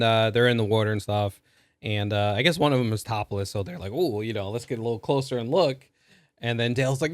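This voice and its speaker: A man's voice: on the low side, no room sound, clean studio sound. A man co-hosting a podcast, casually retelling a movie's plot with lots of fillers and chuckles. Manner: rambling with many fillers and laughs. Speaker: podcast co-host. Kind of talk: casual movie review chat.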